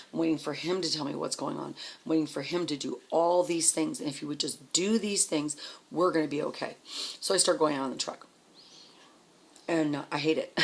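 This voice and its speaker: A woman in her fifties telling her own story candidly and emotionally, blunt and quick to swear. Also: low voice, vocal fry, breathy edge, low-quality recording. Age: 50s.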